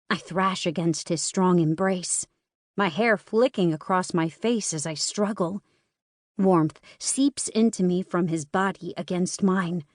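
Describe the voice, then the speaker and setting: A woman reads a first-person audiobook in a steady, measured storytelling voice of medium pitch. The studio recording is clean, with no room sound.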